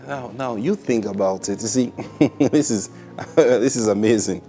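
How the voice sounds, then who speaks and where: Guy preaching, chatty sermon style, mid-pitched voice, faint guitar in the back. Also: a little slow, warm tone. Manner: conversational, repetitive preaching.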